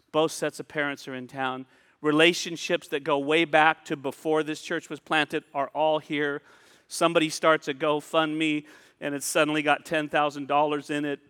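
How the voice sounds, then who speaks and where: A male pastor preaching a sermon in a conversational way, pausing and repeating phrases for emphasis. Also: a little high, fairly bright tone. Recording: long hall reverb.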